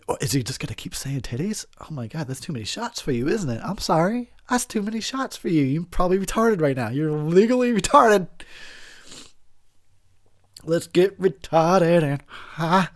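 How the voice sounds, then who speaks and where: A drunk and high man giving a crude, rambling, giggly commentary over a movie he is watching.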